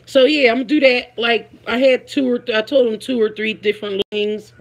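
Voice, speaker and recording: A woman's voice: fairly high pitch, fairly even intonation, brisk. A woman with a Philadelphia accent hosting a casual live stream, chatting with viewers, greeting them by name and laughing often. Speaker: livestream host.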